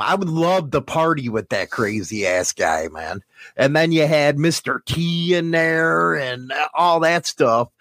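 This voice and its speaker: A man with a lively, up-and-down voice hosts a rough-edged chat show. He rambles through bawdy jokes. The sound is dry and close, with no room around it. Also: a little high, no room sound. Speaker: podcast co-host. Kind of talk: casual crude chat.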